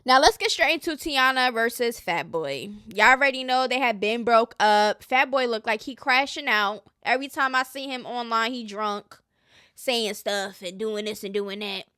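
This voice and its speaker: Smooth-voiced woman gossip commentator. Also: on the high side, normal speed, bright, forceful tone, dry recording, clean studio sound. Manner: chatty, slangy, hesitant. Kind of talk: casual commentary.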